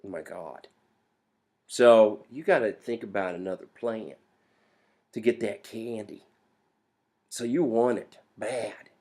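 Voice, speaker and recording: A man giving a lively, playful classroom lecture on history, joking with students in slang. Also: fairly low pitch, takes it slowly, long pauses. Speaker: history teacher.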